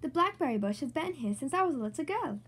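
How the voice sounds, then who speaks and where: A woman's voice: high voice, big pitch swings, fast, fairly bright tone. A woman voicing a motherly grown-up mother pig in a storybook read-aloud. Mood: fond.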